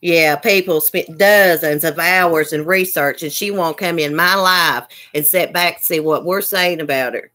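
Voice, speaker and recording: A woman's voice: low voice, unhurried, few pauses, bright, forceful tone. A woman ranting angrily on her livestream, swearing and repeating herself. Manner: heated, cussing, repetitive. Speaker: livestream host. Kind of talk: angry livestream rant.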